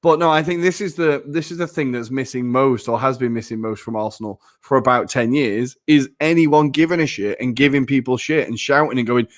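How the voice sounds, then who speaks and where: A man co-hosts a casual football podcast at a mid-range pitch. He is chatty, uses plenty of fillers, and pokes fun at himself. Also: brisk, hardly any pauses. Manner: chatty, self-mocking, many fillers. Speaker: podcast co-host.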